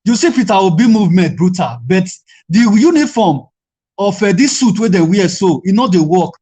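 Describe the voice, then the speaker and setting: A man's voice: sits high, big pitch swings, moderate pace, warm tone, slightly rough. A Nigerian man speaking as a panelist in a heated online discussion, emphatic and insistent, circling back to his points again and again.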